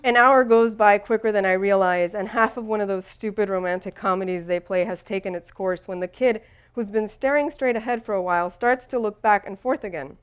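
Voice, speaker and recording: A woman reads a first-person story in a wry, self-deprecating tone. Her voice is smooth and clear at an ordinary pitch, with steady, measured delivery. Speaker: narrator. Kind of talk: first-person audiobook narration.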